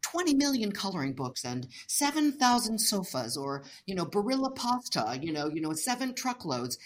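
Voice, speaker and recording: A middle-aged American woman telling stories as an interview guest, animated and laughing often as she acts out the voices of people she met. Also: mid-range voice, moderate pace, a little hiss or hum. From United States. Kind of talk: casual storytelling.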